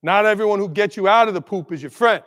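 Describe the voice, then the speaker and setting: A middle-aged keynote speaker with a voice high for a man gives an energetic conference talk at a quick pace, full of stories and jokes. He's an animated storyteller who pulls the audience in by asking them questions, and a big hall's long reverb trails after him.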